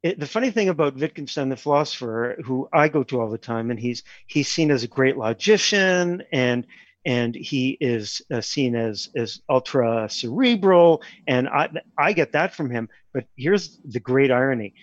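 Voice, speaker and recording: A man's voice: medium pitch, normal speed, dry recording. Discursive man with muffled sound. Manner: discursive, restarts often, animated with rising questions. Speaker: guest, composer and pianist. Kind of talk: reflective conversational interview.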